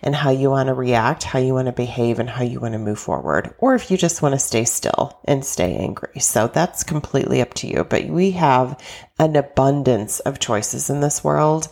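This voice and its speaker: A woman's voice: very deep voice, normal speed, vocal fry, darkish tone. A woman hosting a self-help coaching podcast, talking in a chatty, upbeat way with a stuffy, congested voice. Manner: chatty, upbeat, with small restarts.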